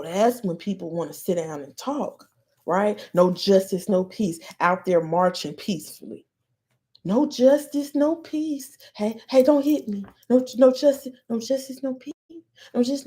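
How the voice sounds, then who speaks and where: A woman's voice: fairly high pitch, mellow. An American woman hosting a podcast, delivering a heated, profane solo rant with blunt emphasis. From United States. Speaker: podcast host.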